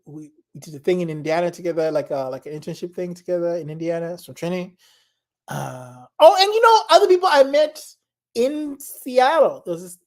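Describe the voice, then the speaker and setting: Young woman, low-ish voice, rambling casual guest, enthusiastic, laughs a lot. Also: darkish tone. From Zimbabwe. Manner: rambling, enthusiastic, laughs often, repeats herself. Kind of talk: casual chat.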